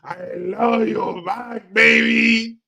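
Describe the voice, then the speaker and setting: A man voicing a mocking impression of a woman politician who gushes loudly with fake Spanish flourishes. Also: very high-pitched, steady tone, very slow, gravelly, pitched above the performer's own voice, full character voice. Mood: gushing. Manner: gushing, over-the-top, loud.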